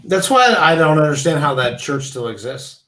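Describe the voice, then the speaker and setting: A man's voice: a little high, big pitch swings, normal speed, bright, forceful tone. A young man chatting casually as a podcast guest, rambling and laid-back, with some swearing. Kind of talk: casual chat, storytelling. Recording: roomy, from a distance.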